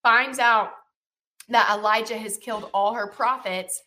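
A woman teaching from the Bible, retelling the story in a chatty, animated way, full of "you know" and "like" and checking in with "right?" and "okay?". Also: a little high, measured pace. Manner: animated retelling with lively emphasis.

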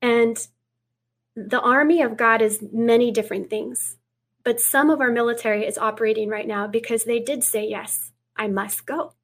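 Woman, high-pitched, earnest, preaching in an interview, scripture reading. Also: fairly even intonation, moderate pace. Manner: earnest, reads scripture aloud, drops to a hush for quotes. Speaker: guest speaker.

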